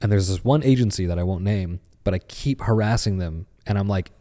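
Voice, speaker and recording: Guy in his 30s telling stories on a podcast, deep warm voice, bit of echo. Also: fairly quick. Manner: animated storyteller. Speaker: podcast guest. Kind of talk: casual chat.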